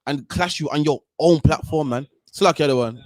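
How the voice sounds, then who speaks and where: A man hosting a talk show, ranting in a heated, animated way and tagging sentences with "man". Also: on the high side, brisk, dry recording. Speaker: podcast host. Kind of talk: ranting casual commentary.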